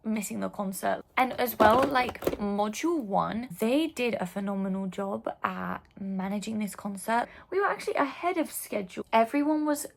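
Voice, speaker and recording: A woman's voice: medium pitch, normal speed, gravelly, hardly any pauses, slight background noise. A young woman vlogging in a casual, gushing way, full of "like" and fond asides. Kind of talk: casual chat.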